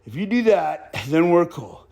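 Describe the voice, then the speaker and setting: A man voicing a stern middle-aged male neighborhood boss who talks slowly and threateningly, slipping in Spanish phrases. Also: on the high side, very animated, vocal fry, dark tone, full character voice.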